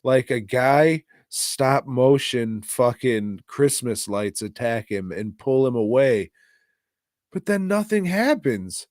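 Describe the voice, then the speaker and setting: A man's voice: mid-range voice, animated, takes it slowly, darkish tone, no room sound, studio quality. A man co-hosting a podcast, giving a rambling, profane and exasperated movie review in casual chat. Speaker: podcast co-host.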